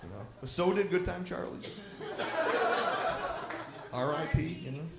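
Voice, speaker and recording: Swearing stand-up guy teasing the crowd, lively voice bouncing all over, roomy venue, loud audience. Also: a little slow, heavy background noise. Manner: brash, crowd-teasing, swearing, puts on drunk and squeaky voices. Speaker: stand-up comedian. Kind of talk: stand-up set. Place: lodge venue with live audience. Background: audience laughing.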